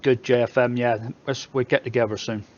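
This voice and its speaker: A man's voice: medium pitch, fairly even intonation, a little fast, darkish tone, highs cut off. A man with a Somerset English accent, hosting a casual live stream where he reads viewer comments aloud and jokes back at them. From England.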